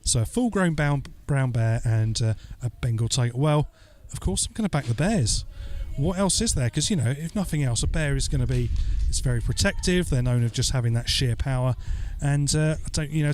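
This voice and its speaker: A man's voice: a little high, expressive, normal speed, hardly any pauses, darkish tone. A man standing in as podcast host, answering listener questions in a loose, joking way with lots of "uh" fillers. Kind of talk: casual podcast chat and listener Q&A.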